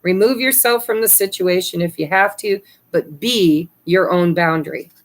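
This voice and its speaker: A woman's voice: on the low side, normal speed. A woman hosting a casual tarot card reading for her viewers, cheeky and laughing often, swearing freely. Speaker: tarot reader.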